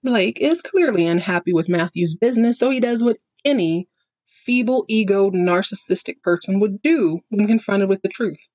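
A woman's voice: mid-range voice, measured pace, a little mellow, no room sound. Woman, podcast host, sassy TV recap, chatty, dramatic, dry sound. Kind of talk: casual TV recap commentary.

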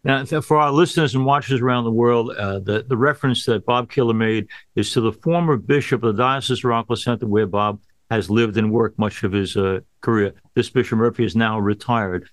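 A man hosting an interview show, talking in an even, measured way and pausing on small hesitations. His voice sits in a middle pitch for a man. The sound is dry and close, with little room around it. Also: no room sound.

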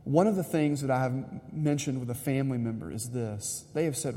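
A man's voice: mid-range voice, fairly quick, few pauses, mellow. A man preaching a sermon, emphatic and direct, repeating his key lines to the congregation. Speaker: pastor. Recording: long hall reverb.

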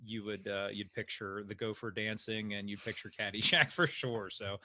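A man's voice: lowish voice, fairly even intonation, moderate pace, bright, forceful tone, no room sound. A man hosting a podcast who chats casually about a film, upbeat and laughing often. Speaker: podcast host.

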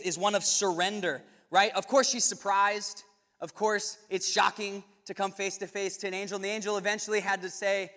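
High-voiced young man preaching in a hall. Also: a bit bright. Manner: conversational, self-correcting, light humor. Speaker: youth ministry speaker. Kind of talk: casual sermon. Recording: reverberant hall.

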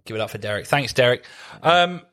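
A man's voice: medium pitch, lively intonation, fairly quick, a bit bright. A man co-hosting a podcast, chatting casually in a self-deprecating way and laughing often. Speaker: podcast co-host. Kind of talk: casual banter.

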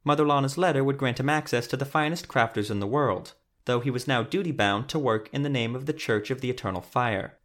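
A man narrating a fantasy story in a measured, steady reading voice. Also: mid-range voice.

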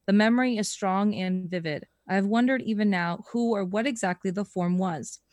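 Young woman podcast host reading a story aloud, expressive, dry close sound. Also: medium pitch, moderate pace, no echo. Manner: expressive reading, breaks into laughter and swearing.

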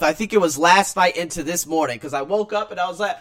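A man hosting his own podcast, talking casually and rambling, swinging between loud excitement and low mutters. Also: fast, hardly any pauses. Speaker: podcast host. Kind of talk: casual solo podcast talk.

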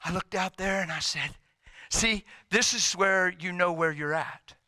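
A middle-aged man preaching a sermon, telling a story and swinging from loud, emphatic lines to hushed whispers. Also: high-pitched, unhurried, no echo, clean studio sound.

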